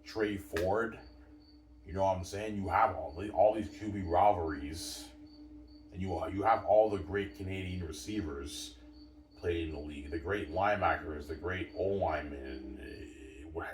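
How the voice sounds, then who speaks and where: A man's voice: low voice, a little hiss or hum. A man giving a rambling, emphatic sports monologue, repeating himself and turning to his viewers to drive each point home. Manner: repetitive, emphatic, keeps saying obviously and addressing viewers. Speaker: sports commentator. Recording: roomy sound from a distant mic.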